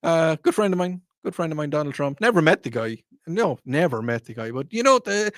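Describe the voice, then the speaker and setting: A man's voice: fairly high pitch, animated, brisk, a bit bright, dry recording. A man with an Irish accent hosting a talk radio show, rambling and joking through a casual monologue into a studio microphone. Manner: rambling, digressive, jokey.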